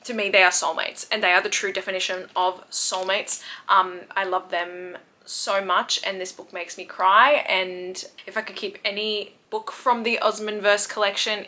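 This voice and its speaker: A woman's voice: medium pitch, pushed and bright. A woman in her twenties chatting casually and enthusiastically about her favourite books, gushing with frequent fillers. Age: 20s. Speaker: book reviewer. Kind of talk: casual book review vlog.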